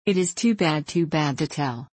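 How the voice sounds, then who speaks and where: A woman's voice: sits low, lively intonation, moderate pace, darkish tone, no room sound. A woman reading the part of a talkative, proud elderly male vicar in a rambling, self-amused way. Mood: genial.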